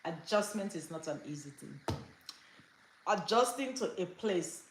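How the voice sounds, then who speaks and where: A woman's voice: lowish voice, unhurried. A middle-aged woman from Africa, hosting a lifestyle livestream, telling a story casually with lots of laughs and fillers. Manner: animated, laughs often, many fillers. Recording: roomy echo.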